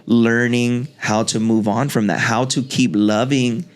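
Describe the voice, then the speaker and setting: A man's voice: mid-range voice, fairly even intonation. A man hosting a podcast, talking reflectively in a casual conversation with many restarts. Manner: reflective, talks in halting restarts. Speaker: podcast host.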